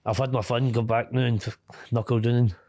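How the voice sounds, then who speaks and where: A man's voice: mid-range voice, little pitch movement, normal speed, dark tone, no echo. A middle-aged Scottish man talks frankly in a close, dry recording, with no room sound around him. His speech is blunt and peppered with casual swearing, and he laughs easily between thoughts. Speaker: interview guest. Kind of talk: candid conversational interview.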